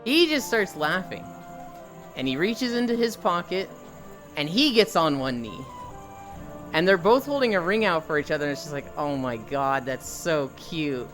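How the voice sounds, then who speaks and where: A live streamer walking on a treadmill while chatting casually with viewers, telling animated stories and swearing freely. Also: medium pitch, moderate pace, long pauses, faint music behind.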